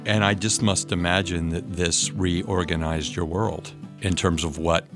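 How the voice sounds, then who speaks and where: A man's voice: low-pitched, steady tone, measured pace, music in the background. A man interviewing a guest, asking thoughtful, searching questions.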